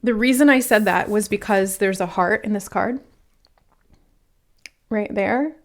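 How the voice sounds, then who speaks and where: A woman giving a pick-a-card tarot reading, talking in a lively way, full of fillers, and acting out the voices she quotes. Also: medium pitch, unhurried. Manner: animated, talks with many fillers and acts out quoted voices. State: nervous, laughing from nerves. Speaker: tarot reader.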